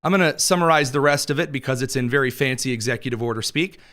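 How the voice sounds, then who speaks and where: A man's voice: medium pitch, a bit bright. A man hosting a political news show, commenting with sarcastic asides and jokes, his throat a little dry. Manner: wry, quick asides, laughs at own jokes.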